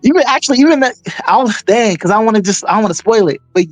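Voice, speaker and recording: A man's voice: sits high, expressive, fast talker, no echo, soft background music. A man chatting casually beside a gamer, rambling with many fillers and eager to share. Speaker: co-commentator friend. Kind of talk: casual gaming chat.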